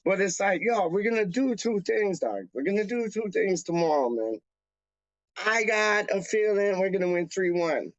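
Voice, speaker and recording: A high-pitched, expressive man speaks at normal speed on a dry, dull lo-fi recording. He casually addresses his fan channel viewers from Canada, a time zone away from England, rambling and repeating himself in slang.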